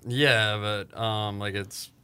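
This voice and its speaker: A man's voice: fairly low pitch, steady tone, slow, sharp tone, smooth. A man co-hosting a radio show, chatting in a laid-back, joking manner in a studio. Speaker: radio co-host, financial analyst. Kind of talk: casual on-air banter.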